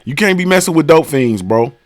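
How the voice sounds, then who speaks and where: A man's voice: on the high side, lively intonation, a little fast. A man hosting a casual boxing talk livestream, rambling and profane with heavy slang and constant "bro" and "you feel me.". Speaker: livestream sports talk host.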